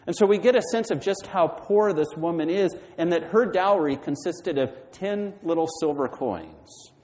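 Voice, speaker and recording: A man's voice: a little high, expressive, moderate pace, darkish tone, in a large hall, low-quality recording. A man preaching a sermon, retelling a story and putting questions to the congregation. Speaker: pastor.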